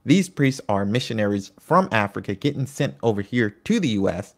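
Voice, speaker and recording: A man with a somewhat low, gravelly voice talks through a history lesson in a relaxed, conversational way. He breaks off into asides and personal stories as he explains. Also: moderate pace. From United States. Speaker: Catholic history presenter. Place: home in Virginia.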